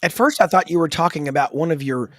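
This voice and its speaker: A man co-hosting a faith-based podcast, telling travel stories in an animated, casual way. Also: a little high, quick pace, no echo, studio quality. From United States. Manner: animated storyteller, talks through stories. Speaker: podcast co-host.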